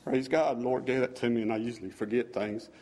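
Husky man, earnest and slow. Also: medium pitch, fairly even intonation, darkish tone. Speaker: church member sharing a song. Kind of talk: reading song lyrics in church.

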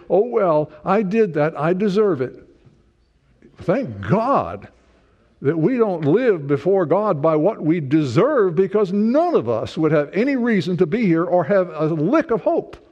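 A man's voice: a little high, mellow, muffled recording. A man preaching a sermon in a conversational way, asking rhetorical questions and acting out people's inner thoughts. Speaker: pastor.

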